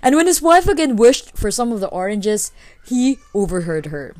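A woman narrating a folk tale in a steady, clear read-aloud manner. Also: medium pitch, normal speed, dry recording. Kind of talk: storytelling narration.

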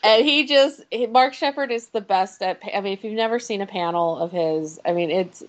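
A woman co-hosting a podcast, telling a convention story in an animated, laughing way. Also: mid-range voice, fairly quick. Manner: animated storyteller, laughs often, acts out quotes. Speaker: podcast co-host. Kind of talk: casual chat.

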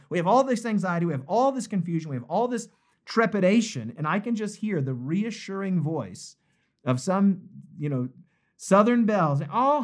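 A male pastor preaches in a relaxed, conversational way during a live-streamed devotional. His pitch swings widely, rising and falling for emphasis. He repeats key phrases to drive them home.

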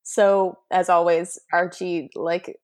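A woman's voice: on the low side, level tone, takes it slowly, darkish tone. A woman co-hosting a podcast in a casual chat, easygoing, laughing often and talking with many fillers. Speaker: podcast co-host.

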